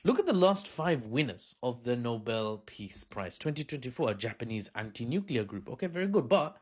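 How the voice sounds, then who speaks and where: A man's voice: medium pitch, sing-song, fairly quick, husky. A man hosting satirical political commentary in a sarcastic, mock-cheerful and self-mocking way. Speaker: commentary channel host.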